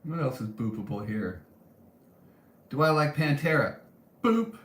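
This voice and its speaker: A man's voice: medium pitch, moderate pace, a bit bright, reverberant, a little hiss or hum. A man hosting a casual live stream and reading viewer comments aloud, talking in a rambling way with many ums and restarts.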